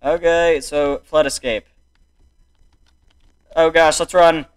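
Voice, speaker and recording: A young man giving excitable, exclamatory commentary while playing a video game. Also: on the high side, slow pace, clear, resonant tone. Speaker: gaming YouTuber. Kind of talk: gameplay commentary.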